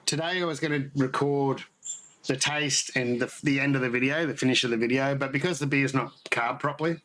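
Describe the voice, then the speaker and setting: A man's voice: medium pitch, steady tone, brisk, a bit bright, poor audio. A man hosting a homebrewing livestream, chatting casually and rambling, correcting himself as he tastes beer. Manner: rambling, self-correcting, tasting beer on stream. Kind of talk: casual live chat.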